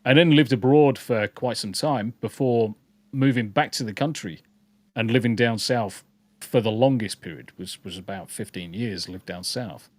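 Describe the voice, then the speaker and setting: Man, English, mixed regional accent with southern tinge, podcast co-host, rambling jokey chat, mid pitch, dry close sound. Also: moderate pace, no echo. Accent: mixed English, partly southern. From English Midlands. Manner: rambling, jokey, repeats words. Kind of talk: casual chat reading live comments.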